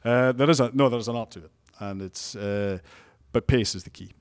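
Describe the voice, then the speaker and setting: A man's voice: medium pitch, normal speed. A Scottish man, a television news presenter, giving chatty interview answers full of restarts and wry asides. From Scotland.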